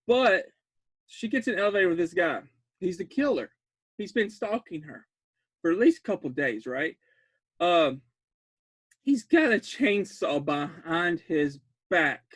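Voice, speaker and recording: A man excitedly recapping a bad horror film, rambling, laughing often and breaking into loud disbelief. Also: fairly high pitch, no room sound. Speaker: podcast host recapping a film.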